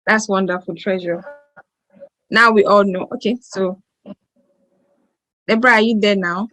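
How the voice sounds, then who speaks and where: A woman's voice: medium pitch, steady tone, unhurried, fairly bright tone, faint music behind, low-quality recording. A woman hosting an online event, hesitant and apologetic, often restarting her sentences. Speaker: event host.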